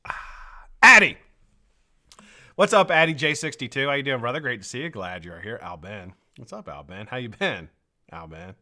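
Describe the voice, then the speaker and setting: A man hosts a live stream, greeting his viewers by name in a bright, forceful voice. His pitch jumps up and down a lot as he talks. He has a frog in his throat. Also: normal speed. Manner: energetic, greets viewers one by one. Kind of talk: casual live-stream chat.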